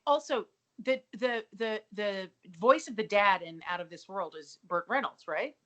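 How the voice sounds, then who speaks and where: Woman, podcast co-host, casual recap chat, profane, joking, mid-range pitch. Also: normal speed, fairly bright tone, dull audio.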